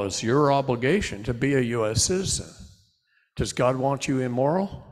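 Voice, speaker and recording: A middle-aged man giving a live seminar lecture to an audience, preaching in animated bursts that drop to low asides. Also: normal speed. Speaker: seminar speaker. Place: large hall before a live audience. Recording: long hall reverb.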